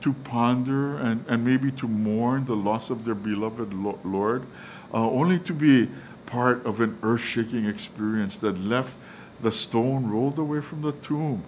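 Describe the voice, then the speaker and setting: A man's voice: medium pitch, unhurried, a little hiss or hum. A male pastor preaching a sermon, hesitant, with many fillers and restarts, calling his listeners guys. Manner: quotes the angel in a hushed, reassuring voice.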